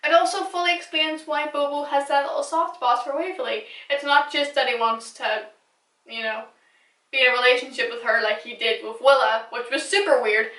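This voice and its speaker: A young woman chats her way through a fan recap, gushing and dropping the odd swear word. Her voice is bright and sits a little high. She is heard from a few steps back, in a room with plenty of echo. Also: steady tone, brisk. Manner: gushing, chatty, swears casually. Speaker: recap vlogger. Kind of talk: casual fan recap monologue. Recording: echoey room, distant mic.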